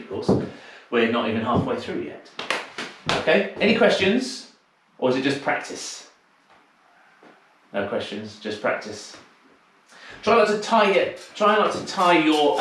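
A man's voice: medium pitch, a bit bright. A man teaching a live online dance class, counting the steps aloud in rhythm and explaining them in a chatty way between counts, a little out of breath. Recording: echoey room, distant mic, noisy.

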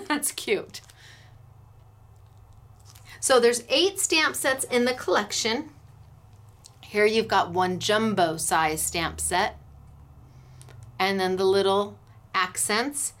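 A woman's voice: mid-range voice, fairly bright tone. A middle-aged woman hosting a casual craft demo, chatty and gushing, laughing often. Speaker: craft show host.

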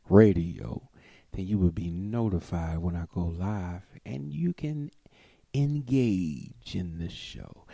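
A man hosting a live podcast, telling a profane comic story and swinging from mutters to shouts. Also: sits low, gravelly, no echo.

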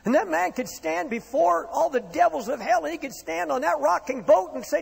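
Man preaching, very high voice, gravelly, long hall reverb, impassioned and dramatic. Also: animated, fairly quick, few pauses. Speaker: pastor. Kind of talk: sermon.

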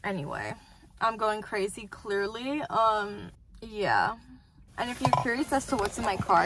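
Bubbly young woman vlogging, lively pitch. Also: measured pace, noisy background. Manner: rambling, bubbly, self-deprecating, sing-song swings in pitch. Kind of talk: casual vlog chat. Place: home and car. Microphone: phone camera.

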